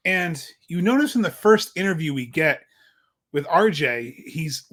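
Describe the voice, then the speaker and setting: Young guy podcast cohost, kinda high voice, super animated, does little voices. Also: unhurried. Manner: animated, acts out quotes in put-on voices. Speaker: podcast co-host. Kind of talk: casual chat.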